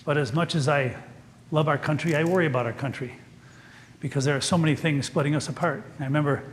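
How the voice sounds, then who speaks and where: An older man preaching a sermon as pastor in a church, telling stories in a gentle, folksy, earnest way. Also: fairly high pitch, quick pace, a little hiss or hum.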